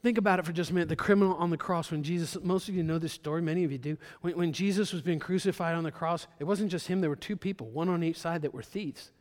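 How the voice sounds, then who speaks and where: A man preaching a sermon as a pastor, swelling his voice loud for emphasis and dropping it low again. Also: quick pace, few pauses. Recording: long hall reverb.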